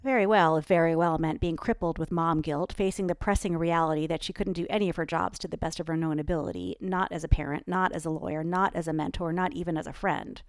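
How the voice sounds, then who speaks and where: A woman reads her own novel aloud with lively, expressive narration. Her voice is low and gravelly, recorded close and dry with no room sound. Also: fast, few pauses, no room sound.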